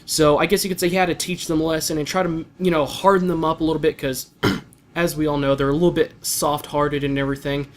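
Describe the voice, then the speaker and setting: A man's voice: a little high, little pitch movement, fast talker, slight background noise. Rambling young man reviewing anime. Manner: rambling, many fillers and restarts. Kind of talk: casual spoken review.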